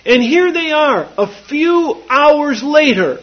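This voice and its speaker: Slow, husky, high-pitched male preacher. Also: expressive. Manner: slow, emphatic preaching with sweeping pitch and repeated phrases. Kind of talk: sermon. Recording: dull lo-fi recording.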